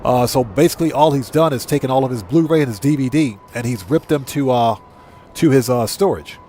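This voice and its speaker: A man's voice: medium pitch, a little fast, dark tone, faint music behind. A middle-aged man hosting a gaming livestream, chatting casually, rambling and correcting himself as he reads chat aloud. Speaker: livestream host.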